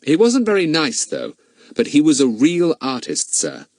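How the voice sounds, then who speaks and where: A man's voice: on the high side, huge pitch swings, unhurried, darkish tone, no echo, voice pushed up. A man voicing a confident, polite schoolboy detective, speaking seriously, in an audiobook reading.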